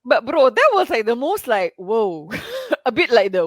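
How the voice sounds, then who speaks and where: A woman's voice: fairly high pitch, sing-song, normal speed, dry recording, clean studio sound. A woman from Malaysia in a casual live chat about films, playful, giggly and teasing.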